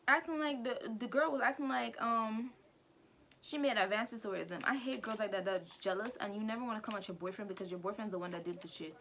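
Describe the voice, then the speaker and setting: Woman vlogger, casual makeup chat, animated storytelling, mid-pitched voice, faint room ambience. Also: fairly quick, a little hiss or hum. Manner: animated, chatty, acts out characters' lines. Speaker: vlogger recapping an anime.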